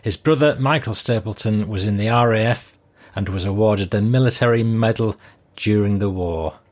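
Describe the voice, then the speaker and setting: A man's voice: lowish voice, normal speed. Older male podcast host reading letters. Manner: relaxed, conversational, with frequent ums. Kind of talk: reading out listener messages.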